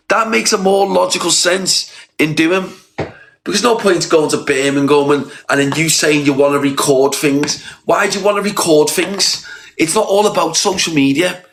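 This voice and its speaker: A man's voice: sits high, fairly bright tone. A man from Liverpool with a Scouse accent, ranting in a livestream call-out, repeating himself and swearing. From Liverpool, England. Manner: repetitive, confrontational, swearing. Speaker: live streamer.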